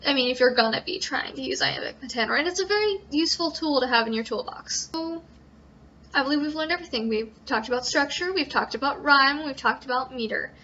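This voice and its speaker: A student presenter speaks fast in a high, pushed, bright voice while informally teaching how to write a sonnet. She stumbles with frequent ums and corrects herself often, and the recording is dull lo-fi.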